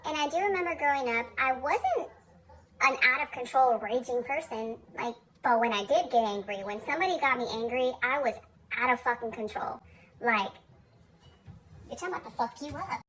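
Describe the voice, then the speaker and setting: Blunt, high-voiced young woman vlogging. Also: normal speed, fairly bright tone, low-quality recording. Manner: blunt, profane, self-mocking. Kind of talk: candid personal vlog.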